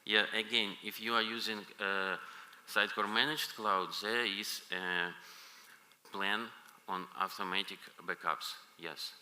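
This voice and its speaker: A man presenting at a conference and answering audience questions, pausing often with filler sounds. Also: lowish voice, fairly even intonation, bright, forceful tone. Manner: halting, many filler pauses. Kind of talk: technical Q&A. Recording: reverberant conference hall, faint noise.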